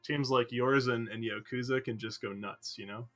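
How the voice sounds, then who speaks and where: A man's voice: mid-range voice, steady tone, moderate pace, pushed and bright, soft background music. A man, an esports player, talking animatedly in a post-match interview, rambling with lots of fillers.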